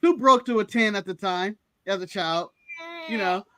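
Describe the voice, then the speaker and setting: High-voiced man telling wrestling memories. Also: moderate pace, a bit bright, dry recording. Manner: nostalgic storyteller, acts out his own past reactions. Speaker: podcast co-host. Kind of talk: casual wrestling chat.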